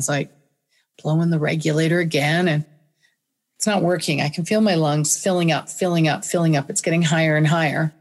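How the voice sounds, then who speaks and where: A woman guest in an interview, telling a personal story with animated, dramatic storytelling. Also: deep voice, brisk. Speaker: guest speaker.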